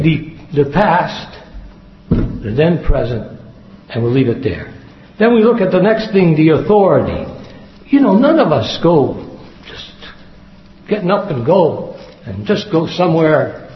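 Man, preacher, higher voice, earnest sermon, repeats phrases, roomy long reverb. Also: a little hiss or hum. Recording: echoey hall, dull lo-fi sound.

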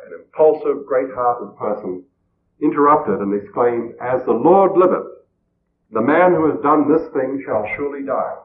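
A man giving an earnest, measured sermon, asking rhetorical questions as he preaches on a radio broadcast. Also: mid-range voice, a little hiss or hum. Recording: tinny phone-like old radio broadcast.

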